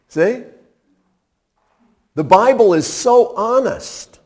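Lively, unhurried male preacher. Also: on the high side. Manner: conversational and humorous, with dramatic pauses. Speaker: pastor. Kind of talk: sermon.

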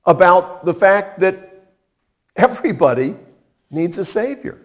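Middle-aged male pastor, chatty and wry, animated pitch, slow delivery. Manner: conversational and humorous, with dramatic pauses. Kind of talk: sermon.

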